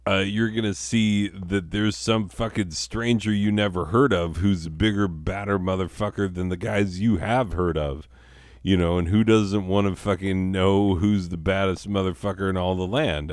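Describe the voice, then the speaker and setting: A man's voice: low-pitched, dry recording, studio quality. A young man who is stoned and tells a rambling, profane story full of fillers while he plays a video game at his computer. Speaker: comedy storyteller and gamer.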